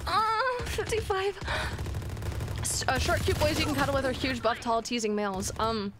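A woman's voice: high-pitched, moderate pace, background noise. Giggly, cursing young woman streamer.

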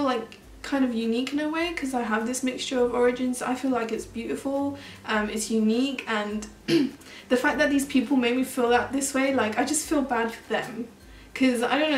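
A woman's voice: on the high side, fairly even intonation, fairly quick, slight background noise. A young woman from Mauritius telling a personal story for her vlog in a chatty, earnest way. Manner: chatty, earnest, heavy use of "like". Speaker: vlogger. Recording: roomy sound, mic at a distance.

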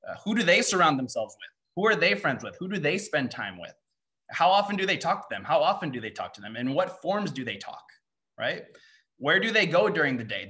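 Addressing students at a motivational seminar, a young mindset coach rattles off rhetorical questions and keeps tagging his points with "right?". He has a mid-range voice with a sharp tone.

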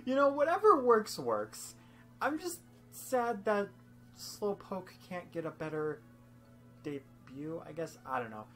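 A woman's voice: on the low side, big pitch swings, takes it slowly, soft background music. Goofy rambling woman gaming. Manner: goofy, rambling, laughs a lot. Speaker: game streamer. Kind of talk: let's-play commentary.

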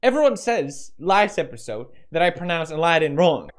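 A man's voice: a little high, very animated, moderate pace, few pauses. A young man hosting a comedic meme-reaction show, exclaiming, laughing and mock-outraged as he reacts. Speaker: host.

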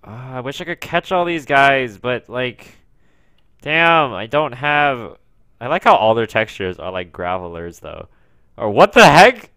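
A young man casually commenting while playing a video game, rambling, grumbling about lag, and breaking into sudden excited outbursts. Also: medium pitch, unhurried, clear, resonant tone, no echo. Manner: rambling, frequent swearing at lag and jumpy outbursts. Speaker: gaming video creator. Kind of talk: casual let's play commentary.

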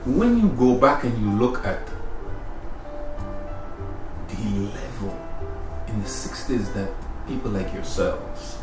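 A man from Belize interviewing a guest in a casual conversation, telling stories in an animated way and laughing often. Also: on the low side, takes it slowly, long pauses. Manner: animated storyteller, laughs often, drops quiet for murmured agreement. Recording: roomy echo, mic at a distance, music behind.

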